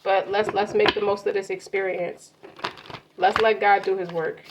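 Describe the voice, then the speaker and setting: A woman's voice: medium pitch, little pitch movement, normal speed. A woman giving a casual tarot card reading, talking loosely with slang and swearing. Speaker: tarot reader. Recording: muffled lo-fi audio with faint noise.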